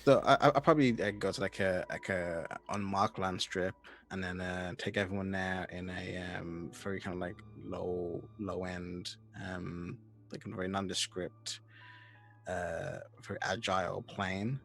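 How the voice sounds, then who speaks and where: A man's voice: sits low, fairly even intonation, measured pace, fairly bright tone, soft background music. A man playing in a tabletop game, talking hesitantly with many fillers. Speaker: player. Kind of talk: casual game chat.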